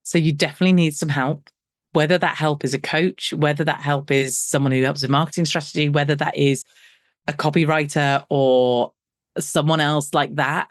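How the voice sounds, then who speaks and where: Deep-voiced and fairly even in intonation, she talks at a moderate pace in a dry, studio-quality recording. As a middle-aged business coach and interview guest, she animatedly recounts her story, voicing the dialogue and joking at her own expense.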